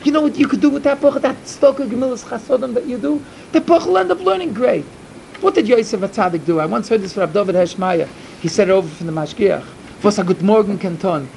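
A middle-aged man giving an emphatic storytelling sermon to a yeshiva, repeating his points and swinging from loud to hushed. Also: high voice, quick pace, gravelly, slight background noise, poor audio. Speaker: yeshiva speaker.

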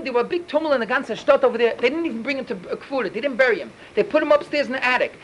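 Fast, high-voiced man teaching Talmud. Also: slight background noise, rough recording. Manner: animated, rapid storytelling peppered with Yiddish and Hebrew terms. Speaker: Torah teacher. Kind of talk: Talmud lesson storytelling.

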